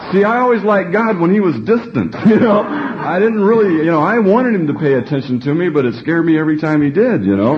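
A man telling his recovery story to a group, salty and profane, laughing often as he talks. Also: a little high. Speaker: speaker sharing at a recovery meeting. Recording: dull lo-fi recording, faint noise.

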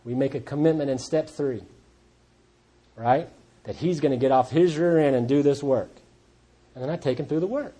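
A man's voice: mid-range voice, normal speed, long pauses, dark tone. A man speaking to a recovery group, telling stories in a plainspoken, folksy and blunt way. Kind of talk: storytelling talk to a recovery group.

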